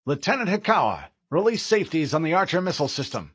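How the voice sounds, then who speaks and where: A man's voice: a little high, big pitch swings, fast, fairly bright tone, breathy edge, dry recording, pitched above the performer's own voice, exaggerated voice. A man voicing a male starship captain in an audiobook, growling clipped orders on the bridge. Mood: grim command. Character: gruff male starship captain, tense and angry.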